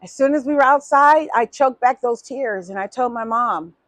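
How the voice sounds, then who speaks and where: Earnest, fairly high-voiced woman. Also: moderate pace, a bit bright, no room sound. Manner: earnest, emotional, with many fillers and restarts. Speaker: host answering audience questions. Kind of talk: casual storytelling talk show.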